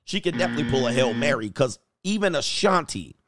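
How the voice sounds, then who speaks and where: A man's voice: medium pitch, big pitch swings, quick pace, background noise. Mocking male commentary host. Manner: mocking, preachy, drawls words for effect. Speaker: livestream host reacting to news and reading super chats. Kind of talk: casual commentary.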